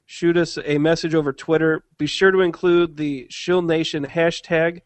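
A man's voice: a little high, fairly even intonation, moderate pace, no room sound. A man hosting a casual podcast, earnest and often stumbling over his words and restarting. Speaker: podcast host.

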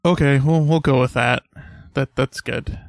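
A man co-hosting a casual podcast, answering his partner with dry, deadpan replies. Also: medium pitch, a little slow, no echo, soft background music. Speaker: podcast co-host.

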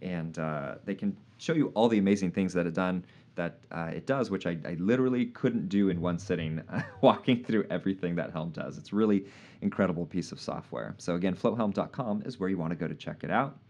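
A relaxed man hosts a live podcast with a fairly low voice. He chats loosely with his guests, laughs easily and leans on "uh" while he thinks. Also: fairly quick, dull audio. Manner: easygoing, laughs often, many "uh" fillers. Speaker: podcast host. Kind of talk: casual live podcast chat.

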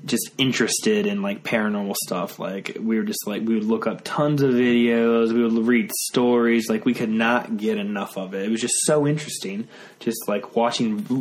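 A man's voice: lowish voice, fairly even intonation, normal speed, darkish tone, a little hiss or hum. A young man in his twenties casually telling a story, rambling with many fillers. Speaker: podcast guest.

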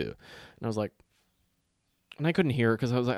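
A man's voice: fairly low pitch, brisk, no echo, clean studio sound. A man, co-hosting a casual chat and telling stories animatedly, swearing freely and acting out other people's lines.

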